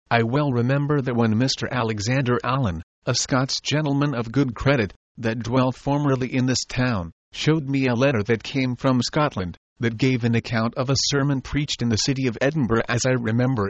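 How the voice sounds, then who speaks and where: A man reading an old text aloud in a measured, deliberate way, recorded dry and dull. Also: medium pitch, dry recording. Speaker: audiobook reader.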